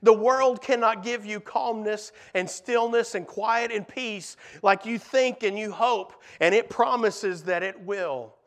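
Male pastor, high-pitched, slow sermon delivery, earnest, trailing off softly at phrase ends. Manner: earnest, repeats words in lists, voice drops soft at phrase ends.

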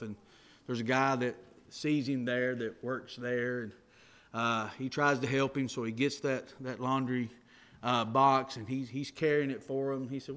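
Folksy man preaching a sermon. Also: medium pitch. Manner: folksy storytelling, repeats words as he goes.

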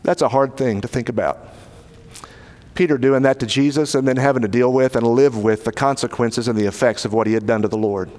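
A man's voice: mid-range voice, brisk, darkish tone. A man with a Southern American accent preaching a sermon, retelling the story dramatically and acting out the quoted lines. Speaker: pastor. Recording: hall reverb.

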